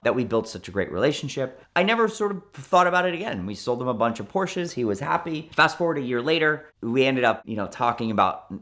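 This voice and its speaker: A man in his thirties, a car dealer, telling a story with lively restarts and acted-out dialogue. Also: medium pitch, fairly quick, hardly any pauses. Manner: animated, many restarts and quoted dialogue. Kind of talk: storytelling interview.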